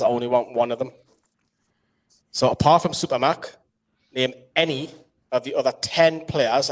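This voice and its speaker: A man with a Geordie accent hosting a casual live quiz, chatty and explaining the rules at length. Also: mid-range voice. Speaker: quiz host.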